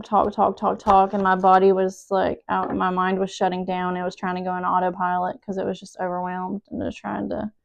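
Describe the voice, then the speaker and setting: A woman's voice: medium pitch, creaky. A woman in her thirties talks to the camera from her home kitchen while she cooks. She tells a hectic morning story in a rambling way, emotion close to the surface. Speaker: mom vlogger cooking at home. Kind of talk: casual chat while cooking.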